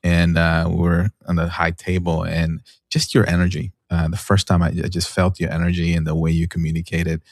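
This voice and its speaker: A man with a deep voice and very little pitch movement hosts the conversation. He speaks in a friendly, halting way full of "uh" and "you know," and the sound is dry, with no room echo. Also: completely flat delivery. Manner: friendly, halting with fillers and restarts. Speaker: podcast host. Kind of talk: casual interview talk.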